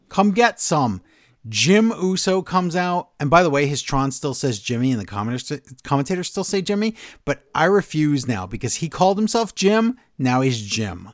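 A man co-hosts a podcast with a lively, swinging delivery. He rants in a sarcastic, exasperated tone. The mic is close and dry. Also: a little high, dry recording. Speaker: podcast co-host. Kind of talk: casual wrestling podcast chat.

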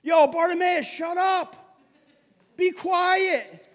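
A man voicing a rude, scolding man in a crowd who shouts mocking words. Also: very high voice, fairly even intonation, drawn-out words, big-room sound, pitched above the performer's own voice, full character voice. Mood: scornful.

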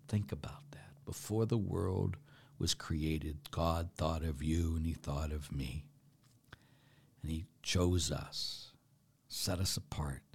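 An older man, a priest, answering viewer questions live, hushed and slow in reflection, then animated and laughing as he tells stories. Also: a bass voice, husky. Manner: animated, laughs and gets loud telling stories. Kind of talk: live Q&A, reading viewer comments.

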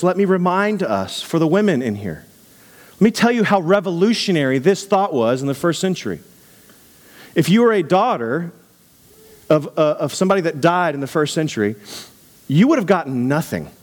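A man preaching to a congregation, animated and conversational, dropping low for asides. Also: moderate pace. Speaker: pastor. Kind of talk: sermon.

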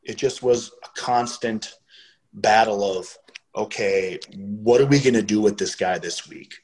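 A middle-aged man casually telling a story, swearing freely and getting animated when he quotes other people. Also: fairly low pitch, unhurried, rough recording.

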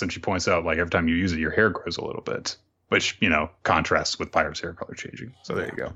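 A man's voice: deep voice, steady tone, bright, forceful tone, breathy edge, lo-fi sound. A man casually recapping a comic chapter as a podcast host, loose and profane, with many fillers. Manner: loose and profane, fillers, jumps into quick character voices.

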